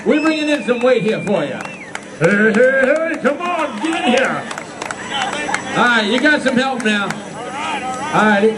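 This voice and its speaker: A man working as an event announcer, coaching a crowd with loud countdowns and rapid repeated commands, outdoors on an airport tarmac. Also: very high voice, big pitch swings, very noisy.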